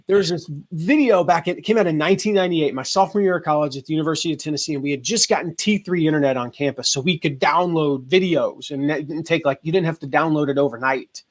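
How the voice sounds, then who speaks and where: Guy on a podcast telling a story, slightly high voice, does the voices of the people in it. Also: fast, hardly any pauses. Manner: animated storyteller acting out quoted voices. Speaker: guest, affiliate marketing expert.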